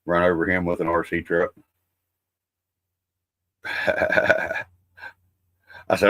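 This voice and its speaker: Brief: middle-aged male host, folksy and profane, rambling chat, bright edge. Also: low voice, monotone, drawn-out words, pauses often, dry recording. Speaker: livestream host. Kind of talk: casual livestream chat.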